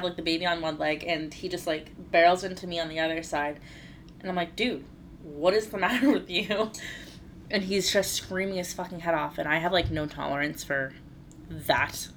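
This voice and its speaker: A woman's voice: on the low side, a bit bright, a little hiss or hum. A woman in her thirties, co-hosting a podcast, telling a story in casual chat with laughs and swearing. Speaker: podcast co-host.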